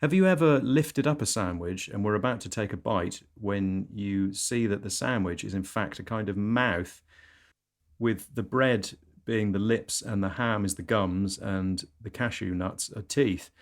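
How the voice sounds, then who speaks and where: A man delivering a deadpan surreal comedy monologue as a podcast host. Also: lowish voice, measured pace. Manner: deadpan with sudden squeals.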